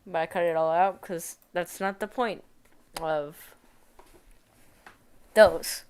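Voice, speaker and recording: A woman's voice: fairly low pitch, clean tone. A woman game developer on a live stream, chatting casually as she codes, muttering questions at her code and teasing herself. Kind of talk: casual live-stream chat while coding.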